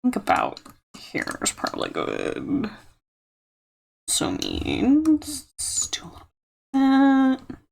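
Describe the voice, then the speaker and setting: A woman's voice: high-pitched, huge pitch swings, takes it slowly, creaky, long pauses, a little mellow. A woman streaming while she draws, chatting playfully, giggling and mumbling to herself. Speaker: streamer drawing live. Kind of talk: casual chat while drawing.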